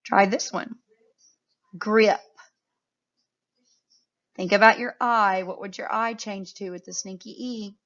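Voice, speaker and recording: A woman teaching a phonics lesson to young children, sounding out words clearly and praising often. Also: mid-range voice, fairly even intonation, takes it slowly, long pauses, a bit bright, muffled recording.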